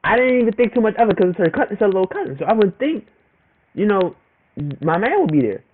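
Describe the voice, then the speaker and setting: A man's voice: high voice, fast talker. A young man telling a personal story in a casual, rambling monologue, full of slang and repeated phrases, shifting his voice up and down as he quotes other people. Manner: rambling and repetitive, slangy, animated when quoting others. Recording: tinny phone-like audio with faint noise.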